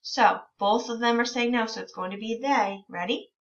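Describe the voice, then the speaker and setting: A woman teacher leading a reading lesson for young children, encouraging them and reading words out very slowly. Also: on the high side, vocal fry, far from the mic. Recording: dull lo-fi sound from a bit away from the mic.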